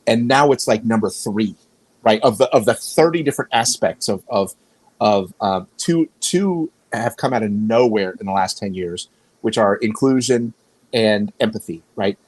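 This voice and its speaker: Here a podcast guest, a man, chats casually and tells wandering stories, repeatedly restarting his sentences. He talks at a normal speed in a fairly low, somewhat mellow voice. The sound is rough.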